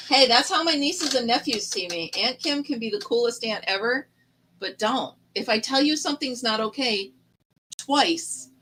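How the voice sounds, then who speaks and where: A woman's voice: a little high, bright, forceful tone, rough recording. A middle-aged woman hosting a casual live chat stream, telling stories in a chatty way and laughing often.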